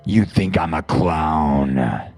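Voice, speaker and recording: Man doing a sinister killer clown, deep growling voice, slow, loud taunting delivery. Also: very echoey, long reverb tail, faint music behind, exaggerated voice. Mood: menacing. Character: menacing child-eating killer clown, male.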